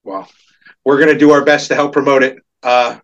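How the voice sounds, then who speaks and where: A man hosting a casual podcast chat, laughing often and restarting his sentences in an animated way. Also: mid-range voice, brisk, recorded from a distance, dull audio. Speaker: podcast host.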